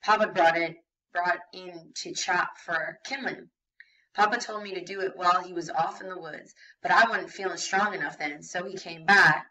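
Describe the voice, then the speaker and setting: A woman voicing a frightened, defiant young rural woman on the witness stand, speaking in halting, rustic phrases that build into loud outbursts. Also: fairly low pitch, fairly even intonation, distant mic, muffled recording. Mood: aggrieved.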